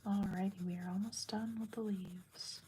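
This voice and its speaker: A woman hosting a livestream, chatting casually in a soft whisper while she colors, leaning close to the microphone. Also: mid-range voice, steady tone, normal speed, breathy edge. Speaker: livestream host. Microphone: close, leaning right over the microphone.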